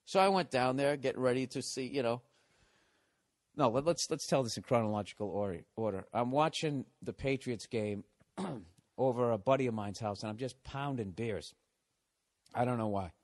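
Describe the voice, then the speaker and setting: A man's voice: medium pitch, normal speed, no room sound. Middle-aged man podcast host, swearing, ranting, rambling monologue. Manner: profane, ranting.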